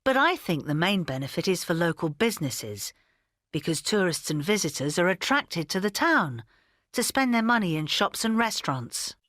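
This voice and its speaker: A woman's voice: on the low side, big pitch swings, moderate pace, fairly bright tone, no echo, clean studio sound. An actress voicing a thoughtful woman answering a speaking-test question in a scripted course recording, hesitant and searching for words. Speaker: exam candidate in sample answer.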